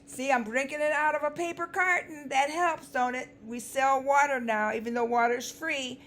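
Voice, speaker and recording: A woman's voice: high voice, fairly even intonation, normal speed, a bit bright. A woman with a dry, scratchy voice giving an emphatic, sarcastic commentary monologue, repeating words for stress. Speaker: vlogger.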